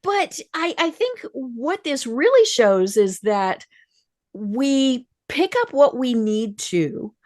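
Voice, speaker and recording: A woman's voice: high-pitched, big pitch swings, slow, a little mellow. A woman hosting a business podcast interview, chatting casually and murmuring agreement often. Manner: chatty, frequent affirming murmurs. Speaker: podcast host.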